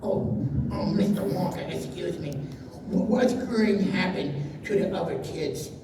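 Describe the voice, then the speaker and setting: A man's voice: high voice, unhurried, noisy background. A timid young boy. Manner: hesitant, stammering. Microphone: phone in the audience. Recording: echoey hall, phone from far off.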